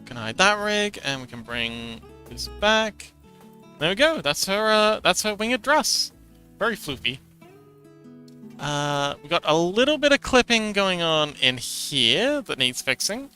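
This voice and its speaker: A man's voice: high voice, big pitch swings, unhurried, pushed and bright, faint music behind. A man streaming live, chatting casually with viewers and reading chat aloud, with frequent stammered restarts and giggles.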